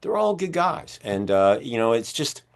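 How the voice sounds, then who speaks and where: A man hosting a podcast interview, talking in a rambling, energetic way with many fillers, his voice going hoarse as he keeps clearing his throat. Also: medium pitch, moderate pace. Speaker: podcast host and magazine publisher. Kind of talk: casual interview chat.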